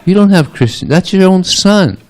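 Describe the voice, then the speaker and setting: A man voicing a calm mother who gently soothes an upset neighbour. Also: high-pitched, moderate pace, voice pushed up. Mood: soothing. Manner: soothing and amused.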